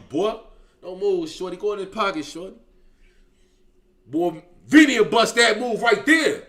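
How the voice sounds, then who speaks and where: A man hosting a reaction video, telling street stories in a loose, profane, slang-heavy way and ending lines with "boy". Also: high-pitched. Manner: animated, slangy, drawls 'boy' at line ends. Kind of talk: casual profane storytelling.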